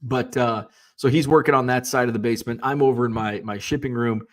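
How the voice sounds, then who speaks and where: A man's voice: mid-range voice, steady tone, a little fast. Middle-aged man, casual storytelling, rambling, lots of ums and restarts, home basement. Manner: rambling, many fillers and restarts, swears casually. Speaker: card collector and seller. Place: home basement shipping room.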